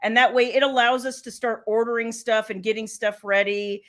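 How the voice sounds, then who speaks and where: Middle-aged woman, livestream host, casual and chatty, slightly high voice. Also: level tone, moderate pace, a bit bright. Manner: chatty, laughs often, greets viewers by name. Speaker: author and live show host.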